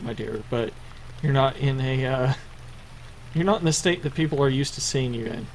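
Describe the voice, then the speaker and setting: A man narrating a tabletop game as game master, halting often with fillers. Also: medium pitch, a little hiss or hum. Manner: hesitant, filler-heavy narration.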